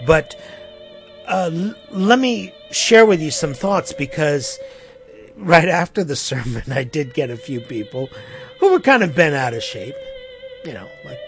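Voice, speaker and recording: A man giving a reflective sermon in a conversational way, with asides and restarts. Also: fairly high pitch. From Armenian community in the US. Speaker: pastor.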